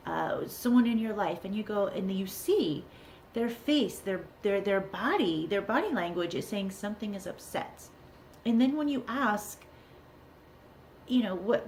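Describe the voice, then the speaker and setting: A woman's voice: mid-range voice, darkish tone, a little hiss or hum. A middle-aged woman, a parenting coach, giving earnest advice to camera and repeating key words for emphasis. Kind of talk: talking-to-camera advice video.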